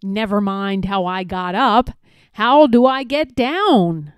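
A woman's voice: mid-range voice, slow pace, clean tone, no room sound, studio quality, lightly acted. A woman voicing a mischievous male elephant cousin who plays tricks, in a storybook read-aloud. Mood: calling.

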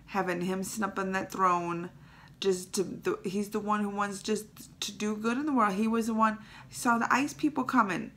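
A woman hosting a casual reaction video, retelling a story in an excitable, emotional way with dialect phrases and a creaky, teary edge. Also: medium pitch, normal speed, slight background noise. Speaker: YouTube reaction host.

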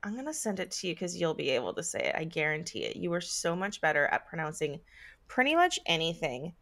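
A woman co-hosting a relaxed podcast chat. She talks with a lively, bouncing pitch, laughs easily and trips over hard words as she goes. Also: fairly quick. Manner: chatty, giggly, stumbles over words. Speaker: podcast co-host. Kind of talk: casual chat.

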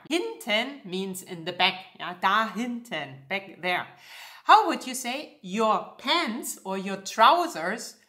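Woman teaching a lesson, bright voice, very animated pitch. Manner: slow and clear, checks in with "yeah?" and "okay?". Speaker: German teacher. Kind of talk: language lesson.

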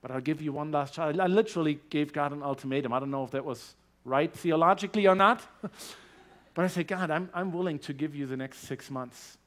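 A man's voice: on the high side, a little fast. Earnest German man telling his story. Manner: earnest storytelling, growing animated and loud at peaks. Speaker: guest speaker sharing his testimony. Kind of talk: personal testimony in a church service.

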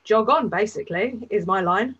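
A woman's voice: mid-range voice, moderate pace, a bit bright, breathy edge, dull audio. A woman with an East London accent that slides toward RP, speaking bluntly and with self-assurance in a panel discussion. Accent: East London, shifting toward RP.

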